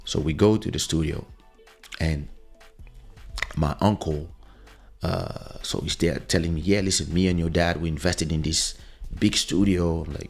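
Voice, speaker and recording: A man's voice: low-pitched, steady tone, a little slow, vocal fry, pauses often, faint music behind. A man hosting a podcast, telling a rambling personal anecdote in a loose, casual way. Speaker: podcast host. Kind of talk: casual storytelling. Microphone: studio podcast microphone.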